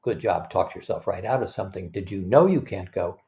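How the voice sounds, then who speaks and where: Mellow-voiced man guiding a meditation. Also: sits low, lively intonation. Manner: gentle, unhurried, leads listeners through breaths. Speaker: spiritual teacher. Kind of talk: guided meditation talk.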